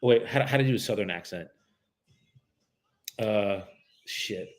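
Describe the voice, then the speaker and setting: A man's voice: mid-range voice, animated, a little fast, pauses often. Man, from the US, real estate agent, cold calls, casual, profane, joking. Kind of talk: livestreamed cold calling with running commentary.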